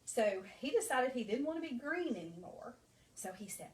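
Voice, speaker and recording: A woman nursery school teacher reading a storybook aloud to young children, animated and asking them questions. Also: fairly high pitch, moderate pace. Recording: echoey room, mic far off.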